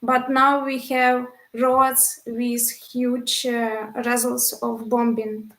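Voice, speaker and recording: A woman from Ukraine, a volunteer guest speaking halting English on a video call as she searches for words. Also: fairly high pitch, level tone, fairly bright tone, echoey room, rough recording. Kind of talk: casual video-call chat.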